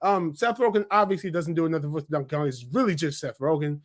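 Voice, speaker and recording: A young man with a high voice talks through a film review in loose, unscripted chat. He rambles from point to point, stacking up "like"s and restarts, and gets audibly excited about what he liked. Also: quick pace. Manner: excited, rambling, filler-heavy, lots of "like". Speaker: movie reviewer. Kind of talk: casual spoken review.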